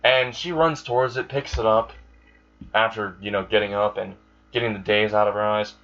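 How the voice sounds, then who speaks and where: A man's voice: fairly low pitch, fairly even intonation, normal speed, fairly bright tone. A young man casually improvising a fan story, rambling, swearing and correcting himself as he goes. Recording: dull lo-fi recording.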